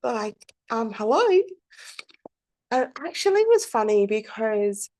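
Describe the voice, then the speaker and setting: A woman's voice: on the high side, sing-song, slow pace, a little mellow. A woman, hosting her own podcast in a candid, chatty monologue full of fillers and the odd swear word. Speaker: podcast host. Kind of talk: casual reflective monologue.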